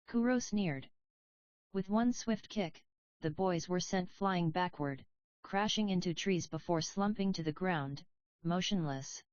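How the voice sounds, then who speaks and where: A woman narrating a story audiobook in an even, measured reading voice. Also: lowish voice, no room sound. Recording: dry, slightly dull audio.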